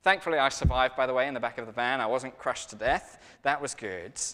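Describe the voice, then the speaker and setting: A man preaching a sermon in a lively, conversational storytelling way. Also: mid-range voice, brisk, long reverb tail.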